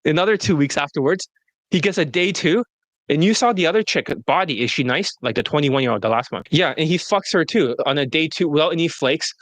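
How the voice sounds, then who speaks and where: A man with a slightly raised pitch speaks as a dating coach in a loose, casual interview. His talk is blunt and full of profanity, often broken by laughter. The sound is dry and close. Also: expressive, a little fast, fairly bright tone, no room sound.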